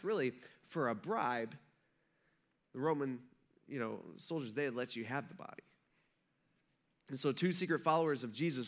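Bright-voiced conversational male pastor. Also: a little high. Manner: conversational storytelling preacher, acting out crowd voices. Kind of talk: sermon.

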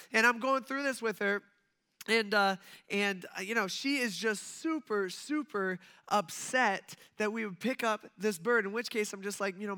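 A man in his thirties preaches by telling a story, casual and self-deprecating, filling pauses with "um" and "like". His voice sits a little high, bright and crisp, and it stays smooth and clear throughout. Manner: chatty, filler-heavy, self-deprecating. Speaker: pastor. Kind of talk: conversational sermon storytelling.

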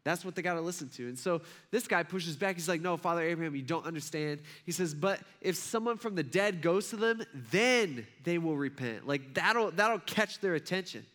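A male pastor in his thirties preaches in a bright, slightly high voice. He talks casually and animatedly, weaving a personal family story into the sermon with plenty of filler words. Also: lively intonation, moderate pace, few pauses.

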